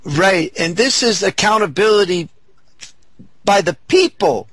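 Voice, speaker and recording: A man's voice: high-pitched, lively intonation, measured pace, a bit bright, slightly rough, no echo. A man hosting a political talk show, speaking hesitantly and searching for his words.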